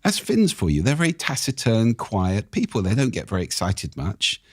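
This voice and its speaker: As an expert guest in a podcast interview, a man with a very low voice speaks at a moderate pace, expressive and animated with wide swings in pitch. The sound is close and dry, without any room tone or echo.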